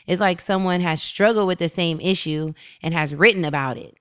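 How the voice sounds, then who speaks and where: Lively slangy woman with a lower voice. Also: normal speed, clear, resonant tone, dry recording, clean studio sound. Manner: animated storyteller, slangy and laughing. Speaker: podcast co-host. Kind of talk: casual spiritual self-help chat.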